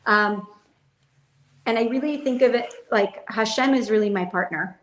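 Young adult woman, interview guest, earnest and chatty, slightly high voice, echoey room. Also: moderate pace. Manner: earnest, talkative, often laughing. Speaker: interview guest, business owner. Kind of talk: casual interview chat.

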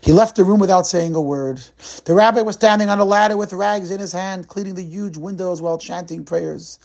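A male rabbi telling a weekly sermon story in a slow, dramatic way. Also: high-pitched, gravelly, a little mellow, dull audio.

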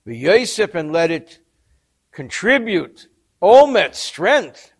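Man, high voice, religious teacher, animated storytelling lecture, glosses Hebrew phrases in English. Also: slow pace, breathy edge. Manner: lively storyteller, mixes Hebrew and Yiddish terms with English translation. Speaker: Torah teacher. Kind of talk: storytelling lecture on a sacred text.

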